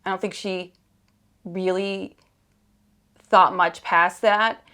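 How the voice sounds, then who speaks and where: A woman's voice: medium pitch, fairly even intonation, takes it slowly, pushed and bright, smooth. A woman hosting a personal podcast, speaking candidly and conversationally, with restarts and an emphatic, exasperated edge in places. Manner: candid, earnest, conversational with frequent fillers and restarts. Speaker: podcast host.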